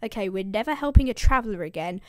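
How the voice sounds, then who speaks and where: A woman's voice: mid-range voice, animated, quick pace, a little mellow, dry recording, studio quality, natural voice. A woman voicing a flustered male island king who talks in casual modern slang.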